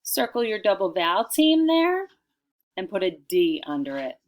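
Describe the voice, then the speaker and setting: A middle-aged woman teacher dictating a recorded spelling lesson for children, sounding out each word slowly and clearly. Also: medium pitch, sing-song.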